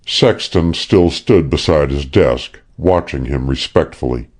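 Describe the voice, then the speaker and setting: A man narrating a classic novel as an audiobook reader, measured and steady. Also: a bass voice. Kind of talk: scripted narration.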